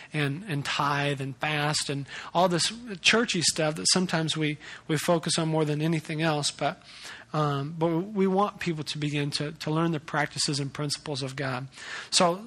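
A male pastor with a high, bright, ringing voice delivers a sermon. He talks like he is chatting, stops and restarts his sentences, and gets lively when he tells a story. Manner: conversational, animated storytelling with restarts.

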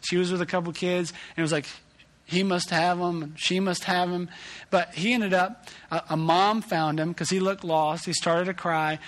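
A man preaches a sermon and leads in with a lively personal story. He pokes fun at himself as a parent. His voice sits slightly higher than most men's. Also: normal speed. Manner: animated storytelling, self-deprecating. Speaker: pastor.

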